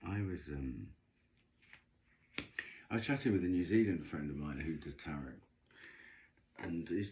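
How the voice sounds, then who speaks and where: Deep, lively man gossiping. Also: unhurried, long pauses. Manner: chatty, camp and gossipy, with theatrical asides. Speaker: vlogger doing tarot readings. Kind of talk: casual rambling monologue.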